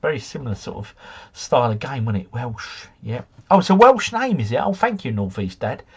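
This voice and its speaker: A middle-aged man hosting a relaxed livestream from home. His voice is a little husky, and his pitch rises and falls a lot as he chats. He talks to his viewers in a loose, jokey way. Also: brisk. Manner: chatty, jokey, drifts off into tangents. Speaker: livestream host. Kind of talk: casual chat reading live comments. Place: home, drinking beer. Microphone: desk mic.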